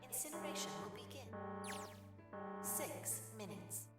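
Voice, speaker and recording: A woman voicing a game's cold female countdown system, measured and flat. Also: mid-range voice, over music, natural voice. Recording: very echoey, far from mic.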